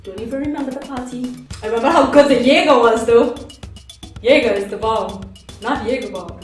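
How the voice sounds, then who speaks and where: Young Trinidadian woman vlogger, high voice, lively storytelling, very echoey room with faint music behind. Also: a little fast, distant mic. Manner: animated, acts out voices of friends and herself. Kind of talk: casual storytelling to camera.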